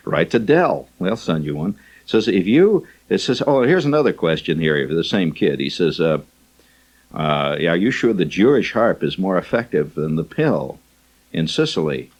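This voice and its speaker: A man's voice: low voice, sing-song, normal speed, a little mellow, low-quality recording. A man hosting a radio show, reading listener letters aloud with wry, teasing, rambling asides. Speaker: radio host. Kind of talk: reading listener mail on air.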